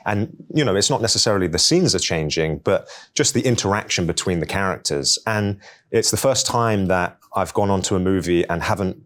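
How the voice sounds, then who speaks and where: A man, an actor, talking quickly and animatedly in a press interview about filming. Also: low voice. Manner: quick, animated storytelling with a laugh.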